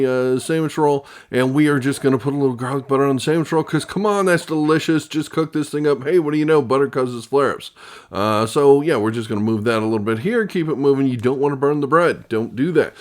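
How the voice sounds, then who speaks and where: A man's voice: medium pitch, reverberant. Joking man hosting a cooking video. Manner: jokey, rambling, chatty asides. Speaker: cooking channel host. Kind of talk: casual cooking demonstration.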